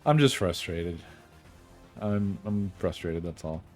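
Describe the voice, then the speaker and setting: A man's voice: sits low, animated, slow, darkish tone, soft background music. Frustrated, swearing man on a stream. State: feeling unwell. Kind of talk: casual gaming stream chat.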